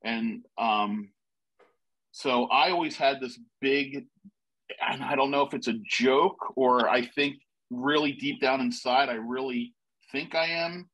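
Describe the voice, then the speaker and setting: A man, a panel guest, telling a rambling, excitable story in a casual way with many restarts. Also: mid-range voice, a little slow, poor audio.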